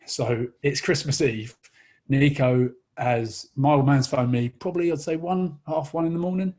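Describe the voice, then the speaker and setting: An Englishman in his thirties who plays rugby tells a long, funny anecdote in casual chat, animated and quick to laugh, in a mid-range voice.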